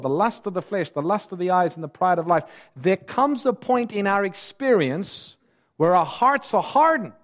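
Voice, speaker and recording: A man preaching a sermon in an earnest, emphatic way, slowing down and rising in pitch on key words.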